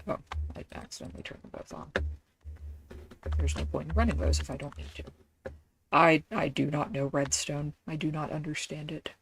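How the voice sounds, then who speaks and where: A woman's voice: low voice, animated, moderate pace, gravelly, pauses often, slight background noise. A woman streaming a game, chatting casually and rambling with lots of fillers and self-deprecating asides.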